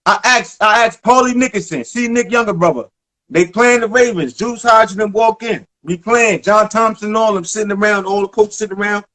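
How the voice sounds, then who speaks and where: A middle-aged man with a New York accent, telling a story in casual chat and acting out the voices of the people in it. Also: moderate pace. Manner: excitable, acts out quotes with loud shouts and deep rumbles. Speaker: guest.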